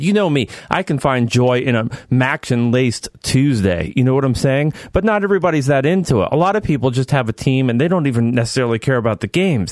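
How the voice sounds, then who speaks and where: A man's voice: medium pitch, no echo, studio quality. A man hosting a podcast in casual chat, jokey and rambling with earnest asides. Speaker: podcast host.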